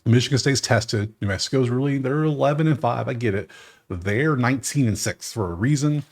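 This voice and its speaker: A man's voice: medium pitch, brisk. A man hosting his sports betting channel, casually thinking aloud through his bracket picks and talking straight to the teams. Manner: animated, thinks aloud, talks to teams directly. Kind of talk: casual bracket breakdown monologue.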